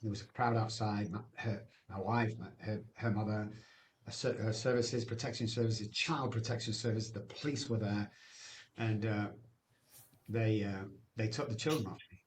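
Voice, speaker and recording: A man's voice: on the low side, fairly even intonation, moderate pace, slight background noise. A man, telling his recovery story as a guest in an emphatic, personal way, often ending phrases with "man". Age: 60s.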